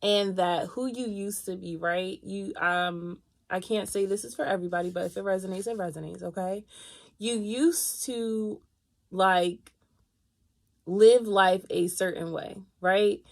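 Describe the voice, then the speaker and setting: A woman leads a casual live tarot reading and talks straight to the people watching. She is chatty and expressive, and her pitch sits in a middle range. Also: measured pace, creaky. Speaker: tarot reader.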